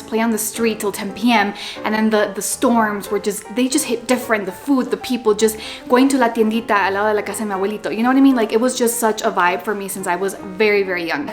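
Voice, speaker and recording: A young woman talking casually to the camera at home, chatty and animated, slipping Spanish words into her English. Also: mid-range voice. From Los Angeles, USA. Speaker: vlogger. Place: home with a Christmas tree.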